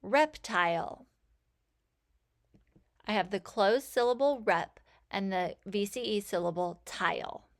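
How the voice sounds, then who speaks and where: A woman teaching a phonics lesson, sounding out letters and words with slow, clear enunciation. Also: medium pitch. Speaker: reading teacher.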